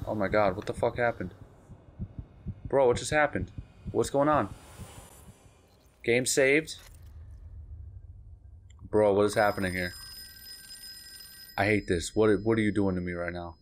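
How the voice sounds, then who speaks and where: A man's voice: lowish voice, a little slow, long pauses, a little hiss or hum. A young man giving casual let's-play commentary, jittery and swearing, repeating himself as he plays. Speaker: gamer.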